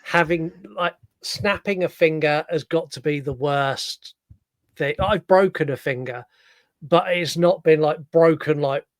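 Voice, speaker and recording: Guy hosting a movie podcast, highish voice, chatty with lots of restarts, dry close sound. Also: no echo. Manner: chatty, quick restarts, swears. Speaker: podcast host. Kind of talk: casual film-review chat.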